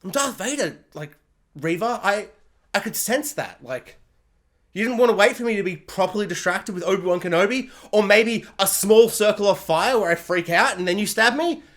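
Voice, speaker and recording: A man doing a smug dark armored space villain. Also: lively intonation, normal speed. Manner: casual mock-menacing paraphrase, lower and quieter.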